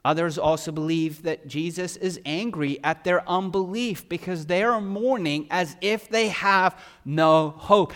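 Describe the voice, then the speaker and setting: A man preaching a sermon, asking rhetorical questions and swinging from loud emphasis to hushed lines. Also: sits high, unhurried, hardly any pauses. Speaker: pastor. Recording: long hall reverb.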